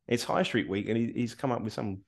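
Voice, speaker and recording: A man from England, co-host of a comedy podcast, blunt and deadpan in his banter. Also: medium pitch, fairly quick, gravelly. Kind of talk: casual banter.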